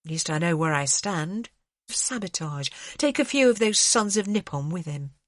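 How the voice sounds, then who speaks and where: A man's voice: high-pitched, animated, moderate pace, a bit bright, no room sound, clean studio sound. Woman reading a weary sick young husband. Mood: bitter.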